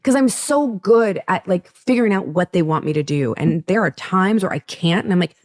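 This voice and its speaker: A woman's voice: lowish voice, animated, moderate pace, darkish tone, no room sound, studio quality. A middle-aged woman hosting a podcast, speaking candidly and expressively in casual chat. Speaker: podcast host.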